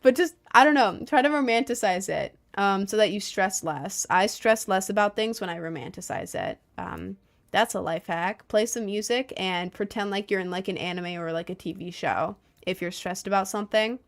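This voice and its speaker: A woman's voice: medium pitch, moderate pace, gravelly. A young adult woman streaming and chatting casually, reading viewer messages in a rambling way, with lots of fillers and frequent laughs.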